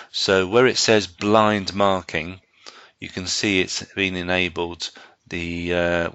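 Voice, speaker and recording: A man giving a live software training presentation to staff, explaining step by step with frequent ums and restarts. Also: low-pitched, dry recording. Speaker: learning technologist giving a staff training session.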